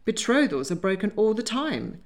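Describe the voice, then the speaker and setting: A woman voicing a brisk, scheming elderly grandmother who speaks bluntly and decisively. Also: medium pitch, very animated, voice pushed up. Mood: blunt, scolding.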